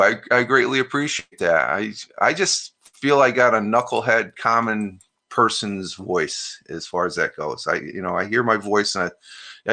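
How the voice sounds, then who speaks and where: A man's voice: lowish voice, sharp tone. An American man hosting a live stream, chatting casually, rambling and restarting as he reads out viewer comments. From United States.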